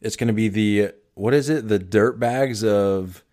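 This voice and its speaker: A man's voice: lowish voice, unhurried, a little mellow. A young man co-hosting a casual sports podcast, loose and joking, often breaking into laughter. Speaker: podcast co-host.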